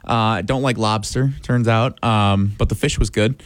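A man's voice: on the low side, fairly even intonation, normal speed, dry recording. A man chatting casually on a show, telling a rambling, self-deprecating story about his trip. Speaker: show regular back from a trip. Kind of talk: casual chat.

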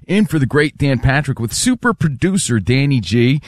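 A man's voice: mid-range voice, very animated, normal speed, no room sound. A man co-hosting a sports talk radio show, reading plugs and teasing his partner. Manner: joking, teasing banter.

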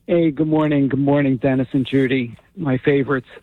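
A man's voice: medium pitch, steady tone, a little fast, dry recording. A man calling in to a radio show, chatting in a friendly way and telling stories, heard over the phone. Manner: friendly, storytelling, a bit joking. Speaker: caller. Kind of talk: casual phone-in chat. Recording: tinny phone line.

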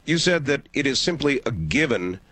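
Radio host asking pointed questions. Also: male voice, medium pitch, big pitch swings, moderate pace, a bit bright, no room sound. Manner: brief, probing questions. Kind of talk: radio interview.

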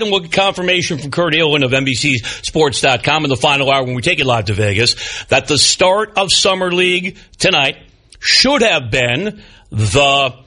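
An older male sports talk host with a bright, forceful voice and a slightly husky edge. He talks with a lively, swooping delivery and rides his pitch up and down. His commentary is opinionated and punctuated with wry jokes at his own expense. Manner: animated, opinionated, with wry self-deprecating asides. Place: broadcast studio. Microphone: studio microphone.

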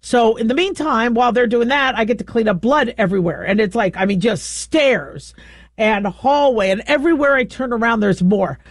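A middle-aged woman host telling a long, rambling story in a casual, animated way, often stopping to correct herself. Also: on the high side, normal speed, no echo. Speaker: show host.

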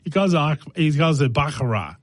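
A man's voice: a little high, big pitch swings, normal speed, dry recording. Sports radio guy, teasing and playful, voice bouncing all over, dry studio sound. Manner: playful, teasing, laughs often. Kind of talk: casual sports talk.

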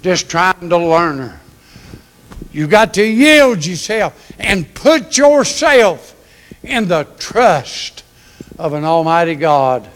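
A man's voice: high voice, sing-song, slow pace, fairly bright tone. An older man preaching a folksy, homespun sermon in a church, chuckling between phrases. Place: church sanctuary. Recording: long church hall reverb.

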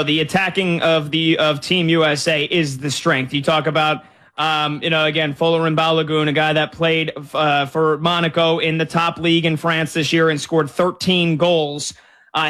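Bright high-voiced man talking soccer. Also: level tone, normal speed. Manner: knowledgeable, rattles off stats, self-correcting. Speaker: co-host sports analyst. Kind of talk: casual sports talk.

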